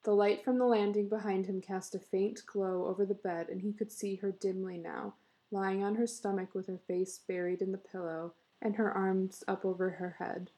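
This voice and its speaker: A woman reading a story aloud in a measured, expressive way. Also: medium pitch. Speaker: reader.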